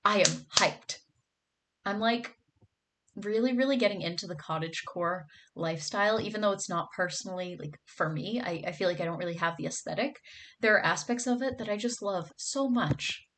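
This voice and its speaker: Young woman streamer, casual chat with viewers, gushing and bubbly, mid pitch. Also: brisk, fairly bright tone. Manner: bubbly, gushing, lots of "like" and "oh my god".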